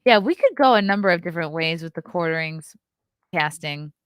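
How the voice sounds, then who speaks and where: A woman's voice: on the low side, animated, brisk, fairly bright tone, smooth, dry recording, studio quality. Chatty woman hosting a stream. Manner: chatty, riffing, laughs often. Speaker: host. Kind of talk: casual live-stream chat.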